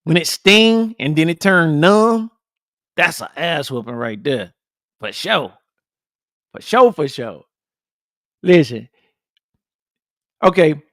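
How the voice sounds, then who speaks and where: A man's voice: fairly high pitch, slow, pauses often, no echo, studio quality. Blunt, fired-up podcast host man. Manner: blunt, profane and animated, repeats points and calls out to viewers. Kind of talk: casual livestream chat with viewers.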